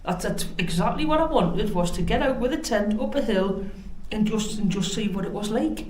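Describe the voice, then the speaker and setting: A woman's voice: mid-range voice, animated, normal speed, darkish tone. Chatty Geordie woman in an echoey bunker. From North East England. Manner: chatty, self-mocking, rambling. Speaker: outdoor vlogger. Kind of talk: casual chat to camera. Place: outdoors and in a concrete bunker on a windy hill.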